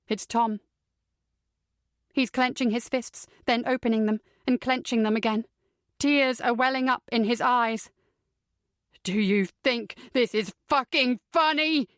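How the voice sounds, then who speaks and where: A woman reading a first-person psychological thriller audiobook in a measured, steady way, close to the mic. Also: on the high side, dry recording. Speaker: audiobook narrator.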